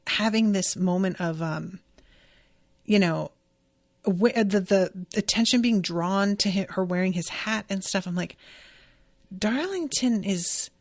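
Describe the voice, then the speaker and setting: A woman's voice: medium pitch, dry recording, clean studio sound. A young woman hosting a book podcast, chatting casually, reading passages aloud and reacting with emphatic swearing. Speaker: podcast host.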